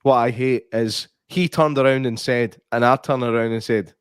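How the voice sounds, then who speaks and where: A man's voice: mid-range voice, steady tone, moderate pace, clear, resonant tone, dry recording, studio quality. A Scottish man in his forties, a podcast co-host who chats casually and laughs a lot while telling rambling stories. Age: 40s. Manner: laughs often, tells rambling anecdotes. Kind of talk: casual watch-along chat.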